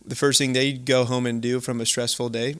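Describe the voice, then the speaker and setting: A man's voice: medium pitch, little pitch movement, a little fast, a bit bright, clean tone. Man, podcast host, conversational, rambling questions, encouraging affirmations. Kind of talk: conversational interview.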